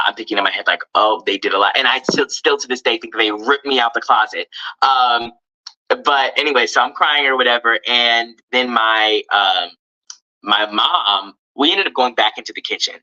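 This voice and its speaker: A man's voice: medium pitch, sharp tone, rough recording. A man telling a personal story in an earnest, open and somewhat hesitant way, heard from a clip played back. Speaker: guest telling his story.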